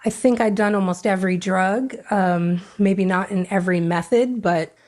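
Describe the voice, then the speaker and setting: Speaking as a guest on a podcast, a middle-aged woman shares how she recovered, openly and with genuine feeling, sometimes replaying her past words in the voice she used back then. She talks at a normal speed, with a medium pitch and a slightly mellow quality.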